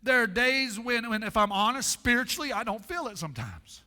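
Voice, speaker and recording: A man preaching a sermon as pastor, with dramatic pauses and lots of repetition, in a church sanctuary. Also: extremely high pitch, sing-song, sharp tone, long reverb tail.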